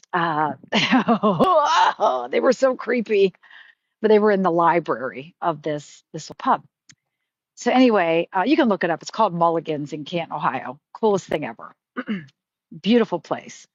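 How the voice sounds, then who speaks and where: On her casual live stream, a middle-aged woman with a lowish voice spins chatty, heartfelt stories packed with fillers. There's no echo, and the audio comes through dry and a little muffled.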